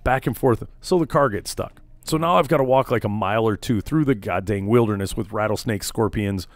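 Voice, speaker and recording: A man's voice: fairly low pitch, brisk, dry recording. A man, hosting a casual radio show and telling a rambling family story, acting out the people in it. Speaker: podcast host.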